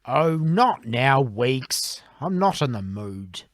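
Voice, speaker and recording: A scoffing, skeptical captain, played by a man, drawing out every dismissive line at a slow pace. His pitch swings widely as he scoffs, and the recording is dry and close. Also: very animated, dry recording.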